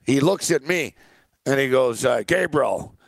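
A man's voice: mid-range voice, lively intonation, unhurried, creaky, dry recording. A man who works in sports media, co-hosting a casual sports podcast, telling a joking story with lots of "like" fillers. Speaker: podcast co-host.

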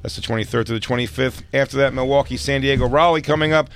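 A man's voice: medium pitch, fast talker. A man co-hosting a comedy radio show, teasing and wisecracking in casual banter. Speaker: radio co-host.

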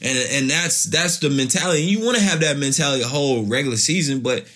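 A man's voice: a little high, fast talker, fairly bright tone. A man, a pro football player, answering interview questions in a loose storytelling way with many restarts.

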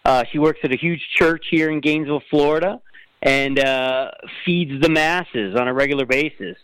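An easygoing man as a guest in a casual chat, self-deprecating and quick to laugh. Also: on the high side, a bit bright, smooth, dry recording, poor audio.

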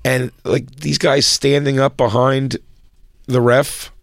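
A man's voice: mid-range voice, little pitch movement, slow pace, gravelly, dry recording, studio quality. A man co-hosting a podcast, chatting casually, rambling and swearing as he acts out other people's voices. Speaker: podcast co-host. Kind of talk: casual comedic chat.

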